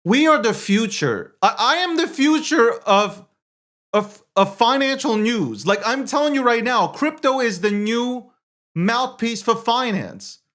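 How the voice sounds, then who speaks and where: Guy with a high voice hosting a live show, cussing a lot, going on and on. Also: expressive, unhurried, a bit bright. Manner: heated, repetitive, heavy swearing. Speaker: show host and producer.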